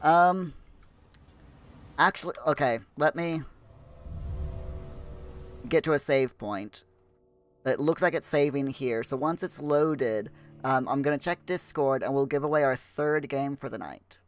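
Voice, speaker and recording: A man hosting a game livestream in chatty, halting speech full of fillers, putting on a rough Scottish accent. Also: mid-range voice. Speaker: livestream host. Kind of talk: casual livestream chat.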